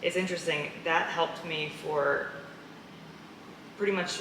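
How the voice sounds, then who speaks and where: Lively low-voiced woman telling her story. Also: a little slow. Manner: animated storyteller, laughs often. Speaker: guest. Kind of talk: casual interview conversation. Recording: echoey room with clear background noise.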